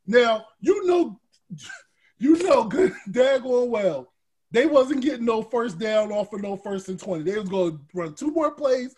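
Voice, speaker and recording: A male podcast host in heated sports talk, animated, swinging from shouted rants to low grumbles, with a husky voice. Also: a little slow.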